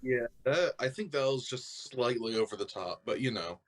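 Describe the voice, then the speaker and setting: A man's voice: medium pitch, lively intonation, moderate pace. A man playing in a casual tabletop game, easygoing in his replies. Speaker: player. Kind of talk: casual tabletop role-play.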